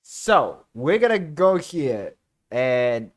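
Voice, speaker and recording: Male streamer co-host, excitable rambler, lively swooping voice. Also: medium pitch, drawn-out words. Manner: excitable, rambling with many fillers. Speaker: co-host of a talk and news stream. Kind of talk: casual live-stream chat.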